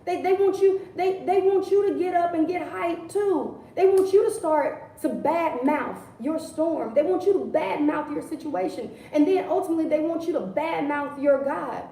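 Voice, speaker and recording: A woman preaches in a casual, conversational manner on a livestream and keeps repeating her key phrases. Her voice is high and mellow. She is recorded from a distance in an echoing room. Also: moderate pace, hardly any pauses. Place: indoors, livestream. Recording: echoey room, distant mic.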